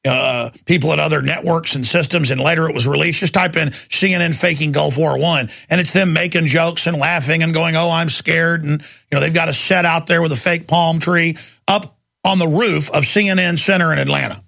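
A man's voice: fairly high pitch, steady tone, a little fast, creaky, bright, forceful tone. A man hosting a talk radio show, ranting emphatically and hammering key words over and over.

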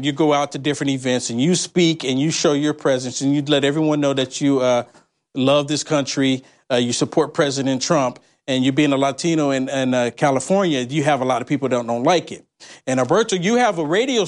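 A man hosting an interview, asking long, halting questions full of restarts. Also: mid-range voice. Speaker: host. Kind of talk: casual interview talk.

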